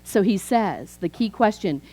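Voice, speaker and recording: A woman in her fifties, a minister, preaching a chatty, animated sermon in a church. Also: mid-range voice, measured pace, soft background music, low-quality recording. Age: 50s. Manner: animated, chatty, acts out quoted voices. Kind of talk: conversational sermon.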